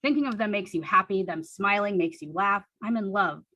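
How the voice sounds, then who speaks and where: A young woman with a husky, slightly breathy voice reads from her teenage diary in an earnest, deadpan way. She drops in wry asides about her younger self. The sound is dry and close. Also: mid-range voice, brisk, no room sound, lo-fi sound. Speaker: storyteller reading her teenage diary on stage. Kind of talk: comic reading of childhood diary.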